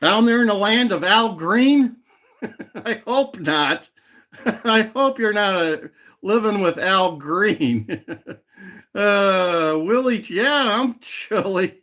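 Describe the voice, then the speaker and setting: A man speaks at a slow pace in a high-pitched, animated voice with a sharp tone. He's a livestream host casually chatting with viewers, rambling, laughing often and repeating a catchphrase.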